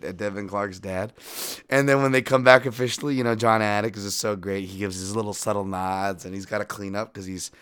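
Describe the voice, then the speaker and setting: A man hosting a fight podcast, breaking down bets in a profane, animated and self-deprecating way. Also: lowish voice, clean tone. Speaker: podcast host and fight analyst. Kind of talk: casual betting-podcast breakdown.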